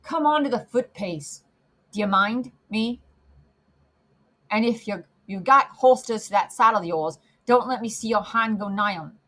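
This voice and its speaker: Woman reading gruff male coach guard, suspicious, bellowing, storybook. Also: medium pitch, animated, measured pace, bright, forceful tone. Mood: threatening.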